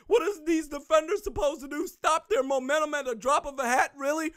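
A man hosting a sports podcast, ranting sarcastically about rival fans and referee calls, now and then shouting. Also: very high-pitched, fairly quick, hardly any pauses, dry recording, studio quality.

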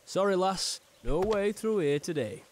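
A curt Northern English woodcutter boss from an adventure game, middle-aged and impatient. His voice sits a touch high for a man and snaps out short, dismissive answers. A light hiss runs beneath him. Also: expressive, unhurried. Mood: gruff. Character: gruff working-class woodcutter foreman, middle-aged.

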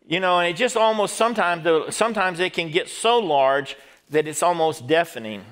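A middle-aged pastor delivers a sermon in a fairly high voice. He talks straight to the congregation and has them say words back to him. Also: normal speed, a bit bright. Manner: preaching with call-and-response to the congregation.

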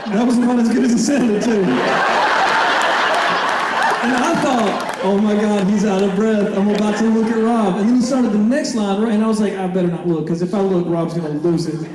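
A man with a high voice tells an animated story on stage and acts out his own thoughts. His voice echoes heavily around a live venue and is picked up from a distance. An audience can be heard around him. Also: moderate pace. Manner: animated, acts out what others said. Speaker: singer on stage. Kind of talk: onstage storytelling to a concert audience. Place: concert stage. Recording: very echoey live hall from far off, with a crowd.

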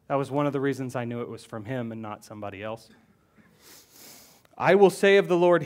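A middle-aged man preaching a sermon in a church, his voice pitched a touch high. He swings from raised, emphatic lines down to soft, near-whispered ones. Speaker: pastor.

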